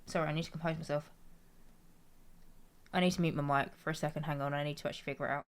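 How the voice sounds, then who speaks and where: A woman's voice: sits low, steady tone, racing. A woman, streaming a game and chatting in a giggly, rambling way. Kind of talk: casual gameplay commentary.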